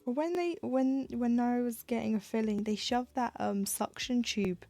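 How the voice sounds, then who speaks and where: Woman, casual stream chat, mellow, gravelly, self-deprecating. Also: fairly high pitch, moderate pace, no room sound. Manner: chatty, self-deprecating, acts out little quoted exchanges. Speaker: cross-stitch streamer. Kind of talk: casual chat while stitching on a live stream.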